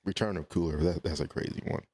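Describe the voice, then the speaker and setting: Man, podcast guest, low voice, animated storyteller, casual chat. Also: fast talker, slightly rough. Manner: animated storyteller, quotes himself often. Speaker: podcast guest, content creator.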